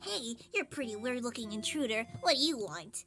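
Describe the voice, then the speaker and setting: A woman's voice: fairly high pitch, animated, brisk, a bit bright. A woman voicing a lazy, bored demon underling with a drawling, slightly demonic voice. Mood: bored, grumbling. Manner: drawling, sulky, demonic edge. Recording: game music underneath.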